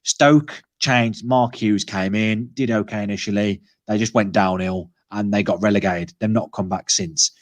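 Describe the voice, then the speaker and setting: A man's voice: on the low side, fairly even intonation, moderate pace, few pauses, dry recording. A man hosting a football podcast, chatting casually and hesitantly with many restarts. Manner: hesitant, lots of filler and restarts. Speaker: podcast host.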